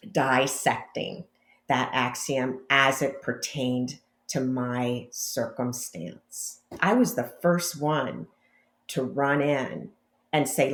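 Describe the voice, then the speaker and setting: Woman interview guest, unhurried and candid, roomy echo on the audio. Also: very deep voice. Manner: slow, reflective, candid storytelling. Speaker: podcast guest. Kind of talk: conversational interview. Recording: echoey room audio.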